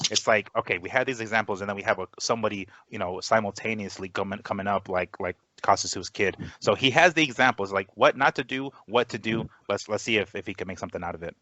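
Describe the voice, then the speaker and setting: A man co-hosting a boxing podcast, talking casually and haltingly with many fillers. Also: fairly low pitch, pushed and bright, muffled recording. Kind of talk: casual sports talk.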